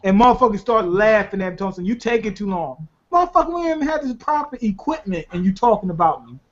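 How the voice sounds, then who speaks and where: A man co-hosting a casual chat, telling profane, animated stories and laughing often. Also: sits high, fast. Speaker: podcast co-host. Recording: dull lo-fi recording.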